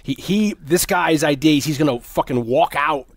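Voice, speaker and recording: A man in casual conversation, retelling film scenes in a rambling, animated way and acting out lines in a loud voice. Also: on the high side, normal speed, dry recording, studio quality. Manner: animated retelling, acts out movie lines loudly.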